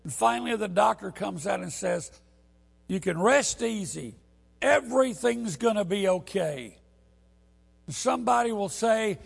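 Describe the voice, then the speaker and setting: A man preaches a sermon in a fairly high, gravelly voice with a husky edge. He tells a story in an easy way, then climbs to loud, emphatic peaks. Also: animated, unhurried.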